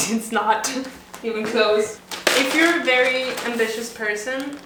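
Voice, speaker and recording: A young Swedish woman bakes at home and chats casually, rambling and joking at her own expense like a home baking vlogger. Her voice is fairly high and a little slow, recorded in a roomy kitchen with background noise.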